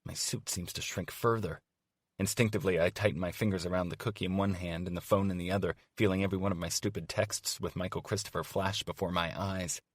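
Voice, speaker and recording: A man's voice: low-pitched, steady tone, fast, no echo, studio quality. A man narrating a first-person romance audiobook in a wry, conversational storytelling manner. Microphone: studio microphone.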